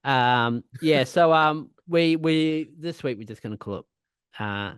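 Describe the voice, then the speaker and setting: A man's voice: fairly high pitch, a little slow, clear, resonant tone, no room sound. An Australian man in his forties, co-hosting a podcast in a loose, sweary, rambling chat with lots of laughing. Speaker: podcast co-host. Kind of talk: casual chat.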